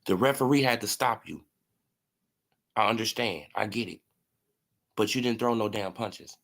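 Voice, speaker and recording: With a fairly low pitch, vocal fry and a fairly bright tone, a man talks at a moderate pace during his laid-back boxing commentary livestream. He's mocking and profane, often laughing and replying to chat.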